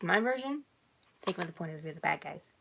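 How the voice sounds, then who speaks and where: A woman's voice: on the low side, animated, fast, creaky, background noise. A woman casually reading her own horror story aloud, giggling and breaking off to comment on it.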